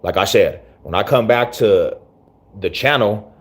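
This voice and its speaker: A man's voice: lowish voice, a little slow. A man hosting his own channel, talking casually to camera in slangy, rambling speech with many restarts. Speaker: YouTube channel host.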